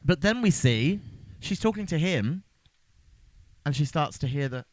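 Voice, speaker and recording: A man's voice: fairly high pitch, a little slow, no echo. A man co-hosting a podcast, chatting casually and jokingly about a horror film. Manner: jokey, animated, slips into silly voices. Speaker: podcast co-host. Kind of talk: casual film review chat.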